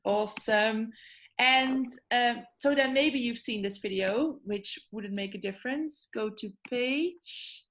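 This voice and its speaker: A woman's voice: a little high, slow pace, fairly bright tone. A woman hosting an online class, upbeat and asking the group questions. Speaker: webinar host.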